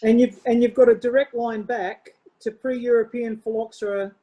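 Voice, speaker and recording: A woman's voice: fairly high pitch, steady tone, normal speed, muffled recording. An Australian woman co-hosting a wine show in casual, rambling chat, often correcting herself. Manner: chatty, rambling, self-correcting.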